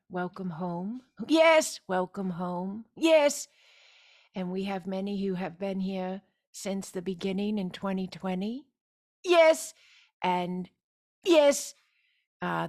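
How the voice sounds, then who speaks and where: Slow, drawn-out woman leading a spiritual circle. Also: medium pitch, darkish tone. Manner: drawn-out vowels and frequent emphatic cries of yes. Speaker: spiritual teacher hosting a group meeting. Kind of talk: slow meditative spiritual talk. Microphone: video call.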